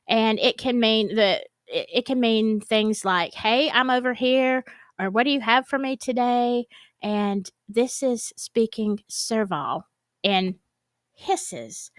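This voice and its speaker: Woman, chatty and rambling, animated pitch, dry close sound. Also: no room sound. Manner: chatty, rambling, laughs often. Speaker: host. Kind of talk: casual chat to a live audience.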